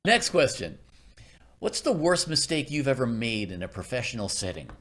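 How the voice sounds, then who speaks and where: Lively, wry male interview host. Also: medium pitch, moderate pace. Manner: wry, joking. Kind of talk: casual video interview.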